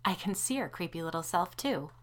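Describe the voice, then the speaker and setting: A woman voicing a brash, excitable female friend speaking loudly and impatiently on the phone, in an audiobook. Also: lowish voice, a little fast, natural voice. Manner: loud, blunt and impatient.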